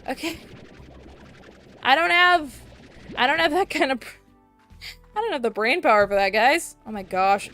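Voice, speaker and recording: A woman's voice: high-pitched, normal speed, long pauses. Chatty young woman streamer, light music. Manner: chatty, animated, rambling, with sudden squeals at the game. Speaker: VTuber streamer. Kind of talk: casual gameplay chat.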